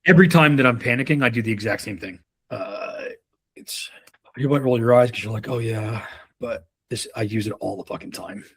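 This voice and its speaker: A man's voice: mid-range voice, fairly quick, fairly bright tone, slight background noise. A man leading a sales coaching session, telling rambling anecdotes with frequent swearing. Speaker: sales leadership trainer. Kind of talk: casual coaching talk.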